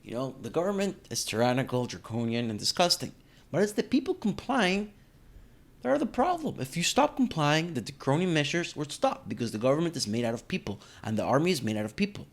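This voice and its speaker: Animated man commenting on clips. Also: fairly high pitch, a little fast. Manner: animated, indignant, reacting to clips. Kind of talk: casual video commentary.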